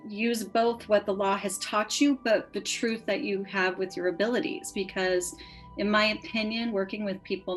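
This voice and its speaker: Woman astrologer, earnest and encouraging, mid-pitched voice. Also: low-quality recording. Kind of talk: astrology reading.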